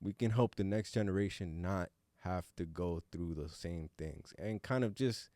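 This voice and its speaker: A low-pitched, dark-toned male voice at a moderate pace, with no echo. The speaker is a podcast co-host at a casual roundtable, an adult with a young son, who sounds earnest and reflective and swears casually every so often.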